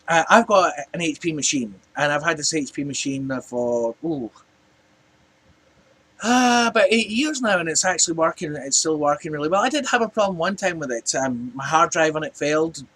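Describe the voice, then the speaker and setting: Scottish guy in his 40s ranting on a vlog, kinda high voice, rambles and restarts a lot. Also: fairly bright tone. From Scotland. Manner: rambling, chatty, many restarts. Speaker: vlogger. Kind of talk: casual rant.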